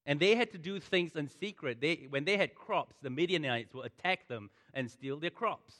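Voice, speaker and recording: A man's voice: on the high side, expressive, moderate pace, fairly bright tone. A man preaching a sermon, impassioned and repeating phrases for emphasis. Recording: long reverb of a large hall.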